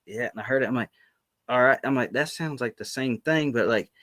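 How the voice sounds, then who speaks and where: A man from the Florida Panhandle chats as a guest over a live video call. He tells stories in an animated way and laughs often. His voice sits at an average pitch, and the sound is dry and close with no room echo. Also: brisk. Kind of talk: casual live-stream chat. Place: remote, joining a video call.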